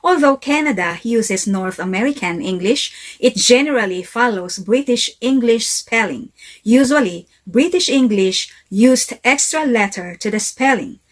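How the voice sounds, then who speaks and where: A woman giving a scripted English lesson, speaking deliberately and carefully. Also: on the high side, expressive. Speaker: English teacher. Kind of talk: slow scripted lesson narration.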